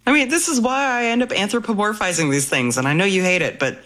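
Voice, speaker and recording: A woman's voice: medium pitch, quick pace, fairly bright tone. Enthusiastic woman podcast host. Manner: enthusiastic, laughs often. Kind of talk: casual podcast chat and read outro.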